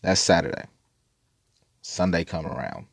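Low-voiced man telling a rambling story. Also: expressive, unhurried, gravelly, husky, no room sound, studio quality. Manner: laid-back, profane, rambling with frequent laughs. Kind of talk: casual storytelling monologue.

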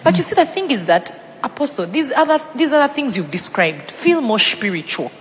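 A woman's voice: high-pitched, sing-song, brisk. Woman joking along, laughs a lot, faint background hiss. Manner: playful, laughs often, chimes in. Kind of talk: conversational chat. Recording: reverberant hall with faint ambience.

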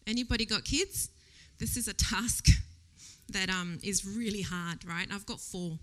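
A woman giving a casual church sermon. She tells a personal story in a chatty, animated way, laughs often and drops to a whisper for quoted thoughts. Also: mid-range voice, measured pace. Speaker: lay preacher. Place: church service before a congregation.

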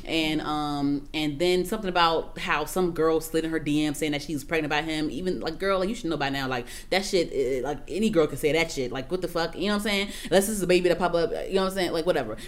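A woman chatting casually as a podcast co-host, animated and profane, often repeating herself. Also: low-pitched, fast, few pauses. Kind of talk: casual chat.

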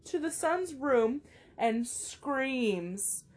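Higher-voiced woman, blunt and crude. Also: lively intonation. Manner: blunt, crude and quick to react. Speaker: podcast co-host. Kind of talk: casual chat, retelling a story.

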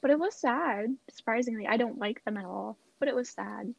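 A woman's voice: on the high side, a little fast, creaky, muffled recording, noisy background. A young woman co-hosting a podcast in casual chat, rambling and giggly with lots of fillers. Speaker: podcast co-host.

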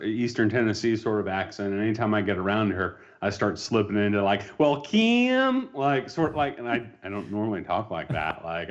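A man with a low voice tells anecdotes at a measured, easy pace on a casual podcast. His audio comes through a dull, lo-fi mic. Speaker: podcast guest.

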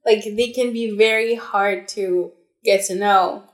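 A woman's voice: mid-range voice, steady tone, slow pace. A young adult woman co-hosting a podcast, telling stories in casual chat with lots of fillers and restarts. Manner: chatty storytelling with fillers and restarts. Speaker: podcast co-host. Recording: echoey room.

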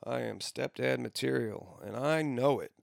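A man's voice: medium pitch, normal speed, creaky, no echo, studio quality. A man in his thirties rambling through casual, profane stories with frequent restarts. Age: 30s.

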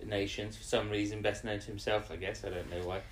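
A woman's voice: very deep voice, flat delivery, a little fast, a little hiss or hum. Casual woman recapping, echoey room. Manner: rambling recap with brief put-on quoted voices. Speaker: podcast co-host recapping an episode. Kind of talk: casual chat.

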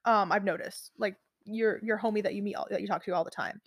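A woman's voice: medium pitch, steady tone, quick pace, slightly rough, no room sound, studio quality. A young woman in her twenties chatting casually with a friend, rambling with many restarts and fillers. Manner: rambling, heavy use of "like", frequent restarts. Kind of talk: casual chat.

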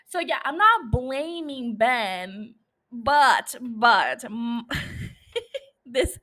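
A woman's voice: a little high, a bit bright. A young woman hosting a casual solo podcast, rambling, swearing freely and laughing at herself. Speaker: podcast host.

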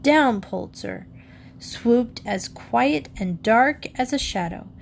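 A woman's voice: takes it slowly, gravelly, a little hiss or hum. Woman reading a children's story aloud. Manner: lively storytelling, raises pitch for the girl's lines. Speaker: reader.

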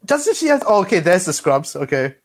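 A man's voice: high voice, very animated, fairly quick. A man in a casual watch-along chat, wry and asking questions about the show.

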